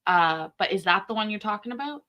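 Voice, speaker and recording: A woman streamer from Scotland chats loosely with her viewers, wandering between thoughts and filling gaps with ums. Her voice is bright and forward, at an everyday pitch. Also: lively intonation, a little fast. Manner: rambling, answers chat with many fillers. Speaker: streamer host. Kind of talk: casual chat reacting to viewer comments.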